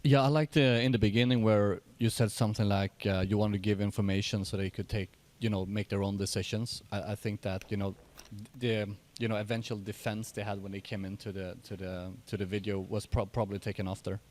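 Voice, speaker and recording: A man's voice: lowish voice, flat delivery, brisk, darkish tone. A man in a workshop giving hesitant feedback with many fillers. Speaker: workshop participant. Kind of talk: casual feedback.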